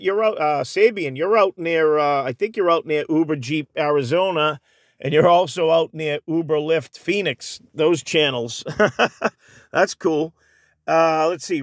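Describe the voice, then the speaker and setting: A man's voice: fairly high pitch, no room sound. Ranting man with a dry close sound. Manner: ranting, repetitive restarts, addresses viewers as folks. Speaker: channel host reading viewer comments. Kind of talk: casual rambling vlog talk. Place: Phoenix area.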